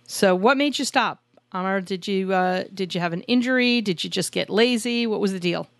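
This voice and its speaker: A woman speaks at a moderate pace in a mid-range voice, with no echo on the recording. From her home studio in Arizona, she co-hosts a casual chat podcast about couples in business, talkative and self-mocking, with jokes as she presents the guests.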